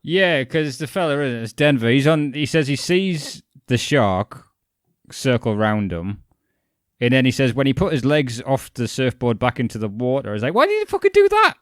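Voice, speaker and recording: A man's voice: medium pitch, normal speed, dry recording, clean studio sound. A man co-hosting a casual podcast, joking and swearing as he retells scenes. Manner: joking, profane, acts out scenes in silly voices. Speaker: podcast co-host. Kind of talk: casual chat.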